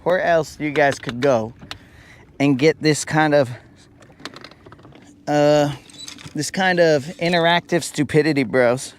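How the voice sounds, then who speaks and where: A man streaming live from a boat out on a lake, his voice sitting a little higher than most. He jokes and teases his viewers with playful mock drama. A faint hum of boat and water noise runs under the open-air recording. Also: slow pace, pauses often. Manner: joking, teasing chat viewers, mock-dramatic. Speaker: fishing livestream host. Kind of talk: casual live-stream chat.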